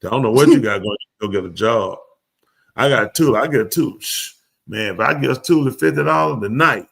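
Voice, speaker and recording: Gravelly-voiced man riffing at a live show. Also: mid-range voice, normal speed. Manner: animated storytelling with slang, playing out both sides of a conversation. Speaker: comedic talk show host. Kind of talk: loose comedic riffing before a live audience. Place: live show venue with audience.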